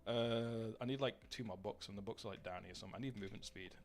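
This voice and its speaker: A man's voice: lowish voice, quick pace. A man chatting casually to his live-stream audience while gaming, rambling, swearing and greeting viewers by name.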